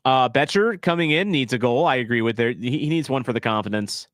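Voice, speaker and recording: A man's voice: medium pitch, expressive, brisk, hardly any pauses, a bit bright, no room sound, clean studio sound. A man in his thirties hosting a casual live watch-along stream, chatty and self-deprecating, rambling between topics.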